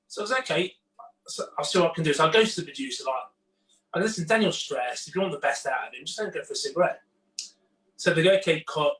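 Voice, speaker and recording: A man's voice: a little high, fast talker. A man, a chef, telling an anecdote on a video call, acting out the quotes and laughing through it. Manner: animated, acts out quotes, laughs through the punchline. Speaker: guest chef. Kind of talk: casual storytelling on a video call. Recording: echoey room, far from the mic.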